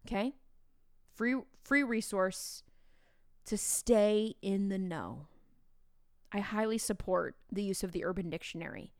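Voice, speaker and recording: A woman in her thirties, a teacher hosting a podcast, talking in a chatty, animated way with playful asides to the listener. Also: mid-range voice, a little slow, pauses often, dry recording, studio quality. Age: 30s. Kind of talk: casual podcast talk.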